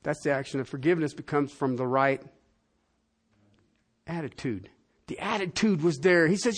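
A man preaching a sermon as a pastor, swinging from loud, rising proclamation to a hushed, soft prayer, in a church hall. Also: fairly high pitch, normal speed, long pauses.

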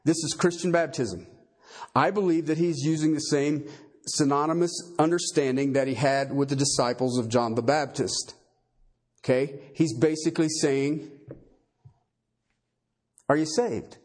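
A man's voice: fairly high pitch, unhurried, long pauses, a little mellow. A man preaching a sermon, emphatic, quizzing his listeners with rhetorical questions and tagging points with "okay" and "all right.". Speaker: pastor.

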